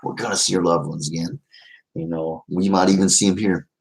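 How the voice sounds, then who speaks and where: A man's voice: low voice, fairly even intonation, a little fast, creaky, low-quality recording. A man casually chatting to viewers on a livestream, rambling and heartfelt, with many fillers. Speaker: vlogger reading live chat.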